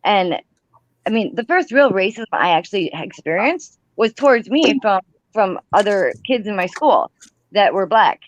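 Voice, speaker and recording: A woman's voice: medium pitch, animated, moderate pace, no room sound. Woman hosting a live stream, chatty and rambly, lots of likes, kinda dull dry audio. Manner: rambling, many fillers and restarts. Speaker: livestream host. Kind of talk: casual group chat.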